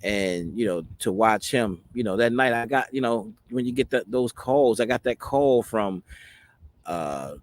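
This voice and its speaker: A man's voice: mid-range voice, lively intonation, unhurried, no room sound. A man in his forties telling a personal story in a rambling way, filling it with many "you know what I mean" asides. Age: 40s. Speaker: host.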